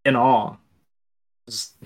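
A man telling his character's story in the first person, reflective and unhurried, as a player in a tabletop game podcast. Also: mid-range voice, fairly even intonation, poor audio.

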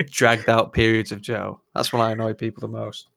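A man's voice: fairly low pitch, level tone, a little fast, creaky, a bit bright, no room sound. A tired man hosting a casual podcast, joking and swearing with friends late at night. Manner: joking, swearing, bursts into mock voices. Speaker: podcast host.

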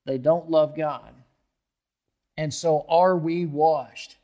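A man's voice: a little high, steady tone, slow pace, dark tone. A man preaching an expository sermon as pastor, often asking the listeners questions and checking in with them.

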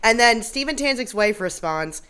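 A woman's voice: on the high side, normal speed, clear, resonant tone. A woman co-hosting a podcast, recapping a TV episode in casual, blunt, profane chat. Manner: blunt, profane, animated retelling. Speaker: podcast co-host.

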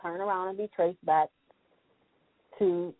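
Brief: woman guest, casual chat, animated, acts out voices; tinny, dry recording. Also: fairly low pitch, measured pace, no room sound. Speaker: podcast guest. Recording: tinny phone-like sound, dry.

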